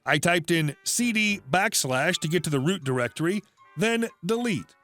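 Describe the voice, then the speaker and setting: A man's voice: high-pitched, animated, moderate pace, fairly bright tone, soft background music. A man narrating a story in a wry, sarcastic way, slipping into little voiced asides. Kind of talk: scripted narration.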